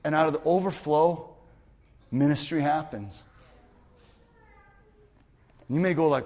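A man pastor telling a story in a sermon, animated, swinging from loud, excited bursts to quiet asides. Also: a little high, moderate pace, long pauses. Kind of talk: storytelling sermon at a youth retreat. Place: retreat meeting hall. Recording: long reverb of a large hall.

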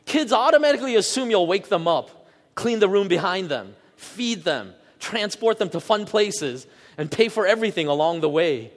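A man preaches from the pulpit, his voice pitched a little high. He reads scripture in a measured, earnest way and draws out key phrases. His words ring out with a long reverb through a church sanctuary. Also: sing-song. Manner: earnest, measured reading with slowed emphasis. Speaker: pastor. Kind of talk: sermon with scripture reading.

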